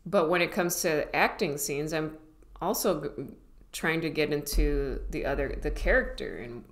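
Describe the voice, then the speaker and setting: A woman's voice: low voice, normal speed. A woman comedian in her thirties chatting casually to her viewers, rambling and self-mocking, with many restarts. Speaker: comedian vlogger. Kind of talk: casual rambling vlog chat.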